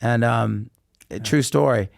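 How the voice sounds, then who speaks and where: A man, a podcast guest, telling a story in casual chat and acting out the quotes with lively voices. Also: medium pitch, unhurried, creaky, no echo, studio quality.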